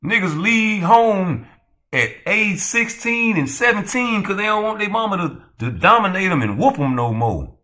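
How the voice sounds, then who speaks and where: Bright, loud-mouthed roasting man. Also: high-pitched, very animated, moderate pace. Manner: loud, profane, mocking. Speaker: channel host. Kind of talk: heated roast commentary.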